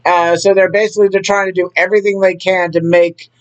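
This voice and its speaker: Wry man in his forties, higher voice. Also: level tone, fast, smooth. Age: 40s. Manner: joking, wry asides. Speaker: podcast co-host. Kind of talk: casual chat about wrestling.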